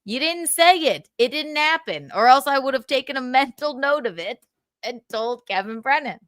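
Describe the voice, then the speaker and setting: A woman hosting a livestream vents in a heated gossip rant, swearing and repeating herself, with sudden loud bursts. Her voice is high and very bright. The recording is dry and close. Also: animated, moderate pace, dry recording. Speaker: livestream host.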